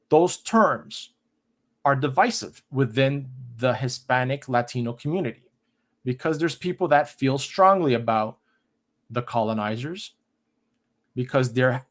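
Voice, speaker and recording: A man hosting a casual talk, rambling and repeating words as he chats to viewers and reads aloud. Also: medium pitch. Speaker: streamer host. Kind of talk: casual chat and reading aloud.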